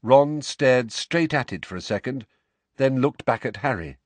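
Expressive male audiobook narrator. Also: medium pitch, measured pace, no echo. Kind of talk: storybook narration.

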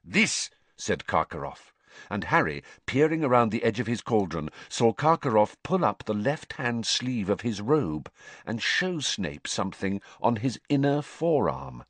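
A man narrating an audiobook in a measured, expressive storytelling manner. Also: on the low side, no echo. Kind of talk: scripted narration.

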